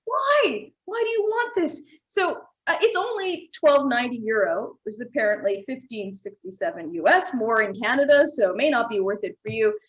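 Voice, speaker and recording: A woman's voice: fairly high pitch, animated, a little fast, few pauses, low-quality recording. A woman hosting a casual comedy show, playful and laughing often as she reads out viewer comments. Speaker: host.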